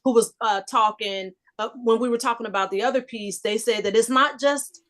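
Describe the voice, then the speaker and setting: Woman in her fifties, high voice, animated, emphatic, casual group chat storytelling. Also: fairly quick. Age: 50s. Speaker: discussion panelist.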